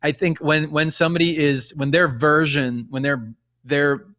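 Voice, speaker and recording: A man's voice: fairly high pitch, fairly even intonation, moderate pace, a bit bright. A man in his forties, a musician guest, chatting casually in an interview and rambling with many restarts.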